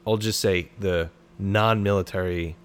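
A man's voice: sits low, fairly even intonation, a little slow, clear, resonant tone. A man, a former special operations soldier, talking as a podcast guest in a blunt, profane, fired-up way. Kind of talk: casual podcast conversation.

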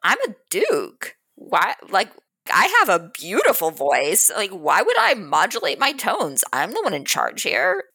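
A woman's voice: medium pitch, wildly swooping pitch, measured pace, bright, forceful tone, slightly rough, no room sound, clean studio sound, pitched above the performer's own voice, heavily acted. A woman quoting an arrogant male duke from a romance novel in a slightly raised voice, entitled and dismissive. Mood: haughty.

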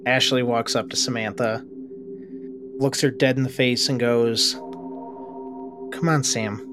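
A man narrating as game master of a tabletop role-play, brisk and casual, swearing offhandedly. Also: mid-range voice, level tone, music in the background.

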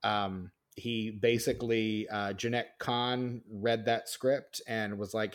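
A man's voice: on the low side, steady tone, takes it slowly, few pauses. A man hosting a film podcast in casual chat, walking through a production history from notes with many fillers and restarts. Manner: rambling, filler-heavy, reads notes. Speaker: podcast host.

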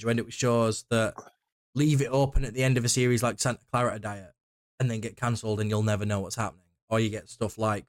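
A man co-hosting a casual podcast, talking at an ordinary middle pitch. He rambles eagerly from point to point and swears offhandedly. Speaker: podcast co-host. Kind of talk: casual chat.

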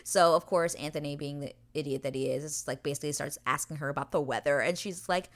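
A woman's voice: sits low, expressive, fast, a bit bright. A woman hosting a casual scene-by-scene TV recap, swearing freely and paraphrasing the characters in modern slang. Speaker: TV episode recap host.

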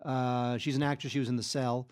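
A man co-hosting a podcast, reviewing films casually with frequent pauses and restarts. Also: medium pitch, level tone. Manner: hesitant, many ums and restarts. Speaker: podcast co-host. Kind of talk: casual film review chat.

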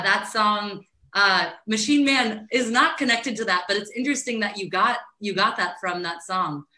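A woman in a band, a guest in a casual interview, playful with quick comebacks. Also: medium pitch, pushed and bright, echoey room, low-quality recording.

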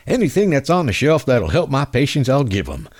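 A man's voice: mid-range voice, sing-song, brisk. A man voicing a boastful, folksy male doctor with a Southern US accent and a cocksure drawl.

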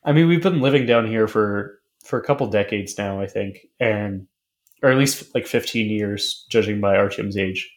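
A man with a somewhat low voice chats casually as a podcast co-host. He recaps in a loose, rambling way, full of fillers and the odd swear word. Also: normal speed. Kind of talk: casual chat.

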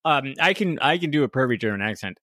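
Bright, lively man co-hosting a podcast. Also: mid-range voice, fast, dry recording. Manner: jokey, hesitant with fillers. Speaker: podcast co-host. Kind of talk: casual chat.

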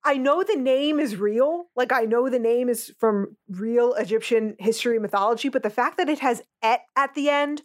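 A woman co-hosting a podcast with a somewhat high voice. She speaks in an animated, outspoken, and blunt way, as in casual chat. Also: normal speed, few pauses. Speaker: podcast co-host.

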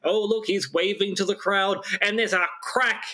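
Man doing a melodramatic 1960s newsreel reporter, high-pitched, breathless play-by-play. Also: steady tone, normal speed, bright, forceful tone. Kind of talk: old-timey radio news acting.

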